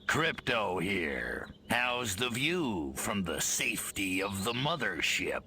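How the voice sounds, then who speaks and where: A man's voice: lowish voice, sing-song, slow, sharp tone, full character voice. An actor playing a cocky, sarcastic male alien soldier in a video game. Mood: wisecracking. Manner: sarcastic, teasing.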